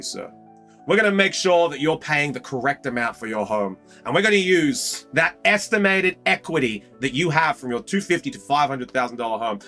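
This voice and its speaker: A man with an Australian accent voicing an upbeat, smooth-talking male bank manager who is salesy and eager to please. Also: medium pitch, fairly bright tone, close to an everyday voice.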